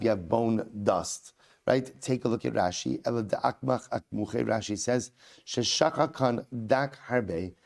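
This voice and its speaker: A man's voice: mid-range voice, gravelly, a little mellow. A man, a rabbi, teaching a daily Talmud lesson, reading out quoted lines and then explaining them, asking and answering his own questions, and repeating key phrases. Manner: reads Aramaic and Hebrew quotes, then paraphrases.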